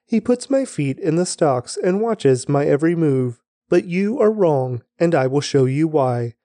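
Guy doing a daily scripture reading, kinda high voice but mellow, slow and steady. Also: dry recording. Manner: measured, deliberate reading. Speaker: scripture reader.

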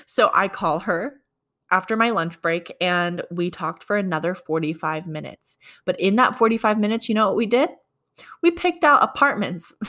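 A leasing agent with a mid-range, fairly bright voice shares a work story as sales advice. She speaks conversationally and acts out both sides of the dialogue.

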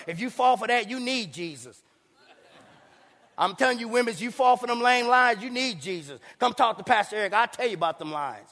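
A pastor preaches, slipping into playful asides and impressions. His voice sits very high with a bright, sharp edge and some gravel. The sound rings out with a long hall echo. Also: normal speed. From Saint Paul, Minnesota. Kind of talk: sermon.

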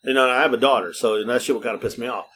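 Profane, lively man telling stories. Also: medium pitch, racing, slight background noise. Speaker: podcast host. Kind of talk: casual storytelling.

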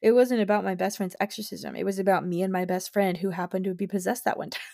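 A woman's voice: medium pitch, fairly even intonation, fast talker, gravelly, warm tone, dry recording. Gushing young woman podcast co-host, dry sound. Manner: emotional, gushing, rambling. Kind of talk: casual book chat.

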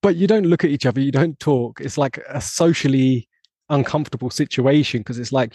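A man's voice: mid-range voice, brisk, warm tone, dry recording. A man from England hosting a podcast, talking in a reflective, thinking-aloud way with lots of "like" and "you know.". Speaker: podcast host. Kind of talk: casual conversation.

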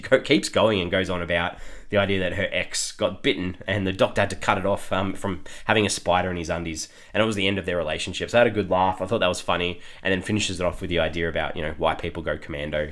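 A man's voice: low-pitched, a bit bright. An Australian man hosting a podcast, chatting casually through an episode review with frequent chuckles and fillers. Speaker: podcast host.

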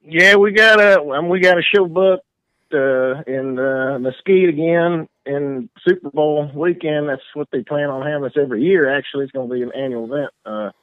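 A man who is a musician guest on a radio show, chatting casually in a laid-back, halting way with many fillers. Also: on the high side, dry recording, narrow, tinny audio. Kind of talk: casual phone-in chat.

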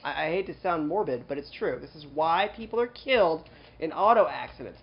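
Woman, podcast co-host, casual chat, joking, interrupting, fairly low voice, muffled lo-fi sound. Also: lively intonation, a little fast. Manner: joking, interrupts often to quiz and tease. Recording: dull lo-fi recording.

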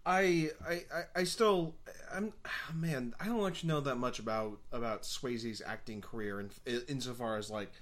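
A man with an average-pitched voice talks casually about films. He is wry and a little self-mocking, joking at his own expense. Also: moderate pace, few pauses. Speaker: podcast co-host. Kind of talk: casual movie discussion.

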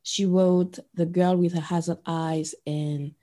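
Interview guest, woman, low and mellow, thoughtful with hesitations. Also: flat delivery, takes it slowly. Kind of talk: interview conversation.

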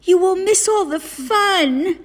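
A woman voicing an eager, cheerful male frog in a children's storybook read-aloud, calling out in a high, urging voice. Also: lively intonation, slow, breathy edge, full character voice. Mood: pleading.

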